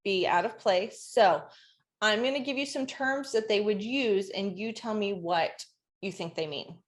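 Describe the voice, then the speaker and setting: A woman's voice: mid-range voice, unhurried. Playful woman podcast co-host. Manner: playful, quizzing her co-host on slang. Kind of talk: casual chat.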